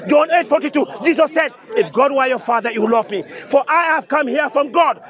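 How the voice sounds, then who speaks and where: A man's voice: extremely high pitch, fairly quick. A man debating religion at an outdoor speakers' corner, insistent and repetitive, citing verses emphatically. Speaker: street debater. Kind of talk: open-air religious debate. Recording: dull outdoor recording with crowd. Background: crowd noise.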